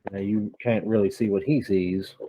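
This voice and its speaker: A man's voice: fairly low pitch, fairly even intonation, moderate pace, warm tone, a little hiss or hum. A man narrating as game master of a tabletop game, talking in a hesitant way with many fillers.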